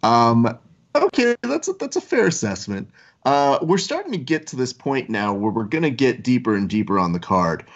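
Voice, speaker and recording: A man's voice: medium pitch, big pitch swings, moderate pace. A man hosting a casual podcast, teasing his guests and keeping the segments moving. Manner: joking, teasing, runs the segments. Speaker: podcast host. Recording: slightly dull lo-fi sound.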